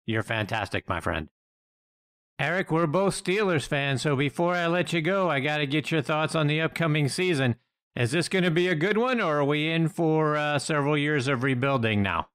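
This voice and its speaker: A man's voice: on the high side, lively intonation, normal speed, a bit bright, clean tone. A man from Pennsylvania hosting a golf podcast, wrapping up an interview and speaking to his listeners. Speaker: podcast host.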